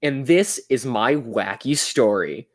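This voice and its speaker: A young man voicing a goofy teenage skater boy narrating a 90s commercial, with slow, drawn-out pauses. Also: medium pitch, no echo, studio quality. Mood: mock-dramatic. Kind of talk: podcast bit.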